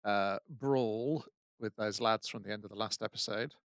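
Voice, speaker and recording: A man's voice: on the low side, moderate pace, gravelly, no echo. A man co-hosting a casual podcast, introducing and recapping episodes with frequent fillers. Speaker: podcast co-host. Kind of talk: casual anime podcast chat.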